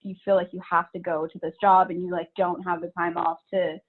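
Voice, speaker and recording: A woman's voice: fairly low pitch, level tone, brisk. Candid woman on a tinny line. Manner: candid, swears casually, laughs often. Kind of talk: casual podcast chat.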